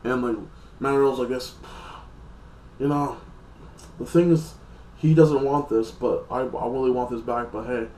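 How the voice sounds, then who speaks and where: A man's voice: mid-range voice, steady tone, measured pace, pauses often, a little mellow, reverberant, low-quality recording. Rambling man recapping a TV episode. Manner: rambling, loose, heavy filler words. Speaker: TV episode reviewer.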